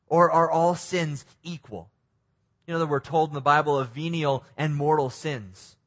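A man with a slightly high voice preaches a sermon to his congregation. He reads scripture in a calm, measured way, then asks them lively questions. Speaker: pastor.

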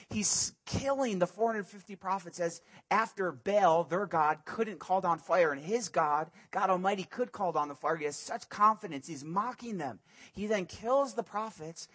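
A man's voice: sits high, a bit bright, slightly rough. A male pastor preaching a sermon, animatedly acting out biblical dialogue in casual modern speech.

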